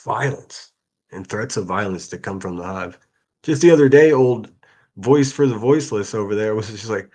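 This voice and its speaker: A man's voice: on the low side, animated, moderate pace, mellow. A man hosting a solo livestream, reading out hostile comments and answering them in a sarcastic, profane rant. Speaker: livestream host.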